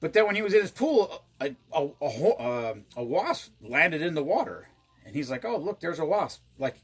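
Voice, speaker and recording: A man co-hosting a casual chat, telling rambling family stories with deadpan jokes. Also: fairly high pitch, moderate pace, slightly rough. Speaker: podcast co-host.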